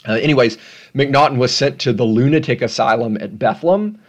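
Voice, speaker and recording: A man's voice: medium pitch, a little fast. A man hosting a solo podcast at home, talking casually with rambling, self-deprecating asides. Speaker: podcast host.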